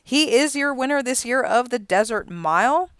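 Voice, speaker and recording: A woman calling horse races live, her voice lifting and quickening as the field charges down the stretch. Between races she drops into easy, chatty talk about each runner. Her tone is smooth and clean, recorded dry and close with no room sound. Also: a little high, lively intonation, a bit bright, no room sound. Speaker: race caller and stream host. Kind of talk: live horse race commentary with casual asides.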